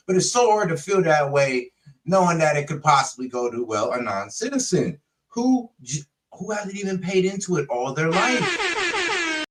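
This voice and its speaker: A man's voice: fairly high pitch, sing-song, moderate pace. A man casually reacting to a video, sarcastic and incredulous. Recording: voice a bit distant from the mic.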